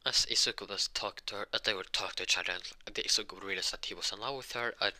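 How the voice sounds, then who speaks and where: A man's voice: fairly low pitch, sharp tone. Man rambling through a fan story. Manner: rambling, halting, many restarts. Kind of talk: improvised fan story narration.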